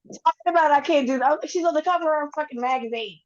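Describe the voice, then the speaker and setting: A woman's voice: high-pitched, fast talker, muffled recording. A woman hosting a podcast, telling stories in casual chat, acting out what people said and swearing freely. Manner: animated storytelling, acts out quotes, swears freely. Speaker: podcast host. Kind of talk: casual conversation, storytelling.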